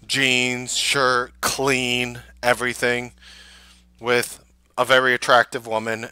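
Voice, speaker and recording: A man's voice: medium pitch, smooth, dry recording. A man, hosting a show and telling a casual, rambling anecdote full of fillers. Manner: rambling, filler-heavy anecdote with animated quoted voices. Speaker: show host. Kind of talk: casual storytelling. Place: Manhattan.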